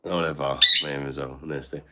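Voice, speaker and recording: A man's voice: rumbling low, steady tone, fast talker. A man hosting a casual live stream, bantering and swearing at his noisy pet bird while reading chat comments. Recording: loud parrot squawks behind.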